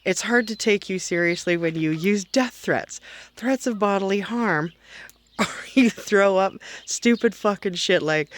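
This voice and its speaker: A man's voice: high voice, a little slow, a bit bright. A man playing a brash foul-mouthed middle-aged mom, ranting sarcastically and mockingly to the camera in a comedic vlog. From Canada. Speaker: comedy vlogger.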